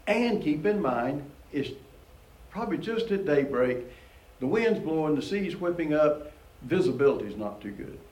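Recorded roughly in a reverberant space, a man at normal speed reads scripture and offers casual commentary like a friendly sermon. Frequent chuckles and lively pitch rises mark his conversational delivery.

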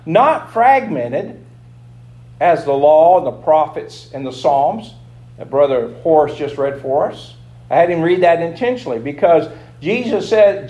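A man preaching a sermon, emphatic, slowing down and repeating key phrases to drive them home. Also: high-pitched, darkish tone, rough recording.

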